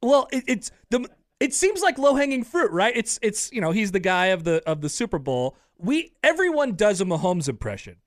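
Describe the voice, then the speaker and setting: Man, radio host, laid-back, high voice, dry sound. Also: very animated, moderate pace, dry recording. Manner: laid-back, laughs along. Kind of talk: casual radio interview.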